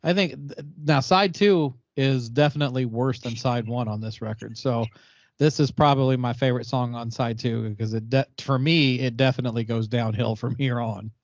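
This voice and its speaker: A man co-hosting a music podcast, giving blunt, measured opinions. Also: mid-range voice, dry recording. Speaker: podcast co-host. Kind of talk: casual chat.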